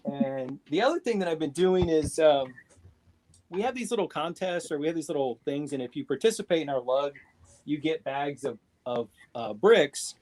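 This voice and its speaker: A man's voice: fairly high pitch, lively intonation, normal speed, darkish tone. Rambling man on a video call. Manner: rambling, with many fillers and restarts. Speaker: panelist on a live video show. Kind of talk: casual chat. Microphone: tablet microphone on a video call.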